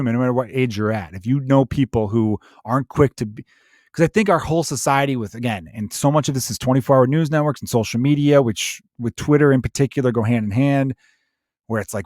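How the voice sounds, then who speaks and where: Man, podcast host, swearing rant, animated, dry booth mic. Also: medium pitch, no echo. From Chicago, USA. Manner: profane, animated ranting with mocking put-on voices. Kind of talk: solo comedic rant.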